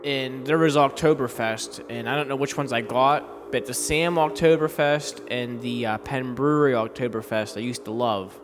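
A man's voice: mid-range voice, normal speed, hardly any pauses, a little hiss or hum. Chatty podcast man, reverberant room. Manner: storytelling, chatty, laughs easily. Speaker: podcast co-host. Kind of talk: casual beer review chat. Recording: long reverb with faint music.

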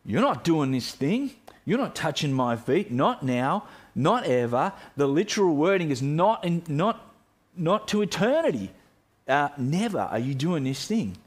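Preacher voicing a stubborn, proud disciple. Emphatic, voice climbing high as he insists. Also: sing-song, measured pace. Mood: indignant. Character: impulsive proud male disciple, protesting.

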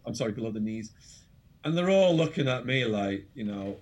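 A man with an English accent, an interview guest telling an animated, dramatic anecdote full of quoted voices. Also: lowish voice, a little fast. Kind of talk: storytelling anecdote.

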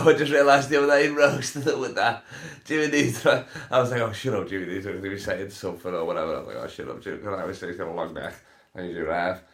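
Young guy, stoned, rambling podcast stories, swears a lot, lowish voice. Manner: rambling, laughing, sweary storytelling. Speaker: podcast host. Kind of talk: casual solo podcast chat. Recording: roomy echo.

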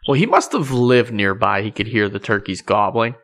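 A man's voice: lowish voice, lively intonation, moderate pace, a bit bright. A man, a podcast host chatting casually and laughing often. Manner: laughs often, friendly commentary. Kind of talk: casual chat.

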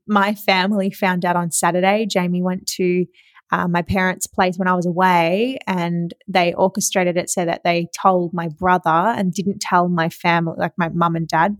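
On her podcast, a young Australian woman with a lowish voice recounts a story in an excited, chatty way, laughing a lot and swearing casually. There's no room sound.

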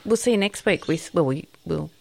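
A woman's voice: lowish voice, expressive, brisk, vocal fry, a little mellow, slight background noise. A woman co-hosting a podcast, chatting casually and wrapping up the episode. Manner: chatty, laughs along, signs off the show. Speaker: podcast co-host. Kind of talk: casual chat.

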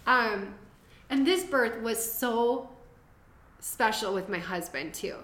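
A woman's voice: on the high side, expressive, measured pace. A young woman telling her birth story as a podcast guest, chatty and laughing, drifting into tangents. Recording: roomy echo.

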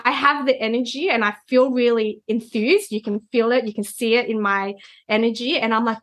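A woman's voice: fairly high pitch, fairly even intonation, brisk, fairly bright tone. A woman, a guest reader, explaining concepts in a conversational chat and often checking in with "right?". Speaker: Human Design reader, guest.

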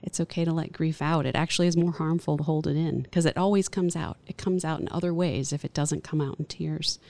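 A woman hospital chaplain speaking as an interview guest, gentle and earnest, often restarting phrases. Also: deep voice, fairly even intonation, brisk, gravelly. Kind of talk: reflective interview talk.

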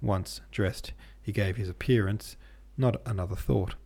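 Podcast guy reading an old novel aloud, low mellow voice, steady. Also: measured pace, vocal fry, husky. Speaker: podcast host and reader. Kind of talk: audiobook reading of a classic novel.

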